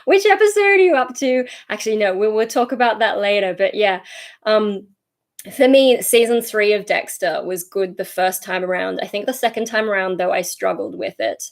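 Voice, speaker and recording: A woman's voice: mid-range voice, lively intonation, normal speed. A young Australian woman chatting casually on a livestream, rambling and easily sidetracked as she reads and answers viewer comments.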